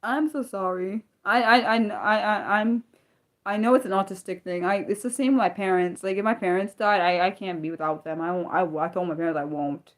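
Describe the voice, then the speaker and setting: A young adult woman hosts an unscripted livestream in a steady, mid-range voice, speaking briskly. She talks earnestly and rambles, stammering into many restarts, and reacts to viewer comments as she reads them aloud.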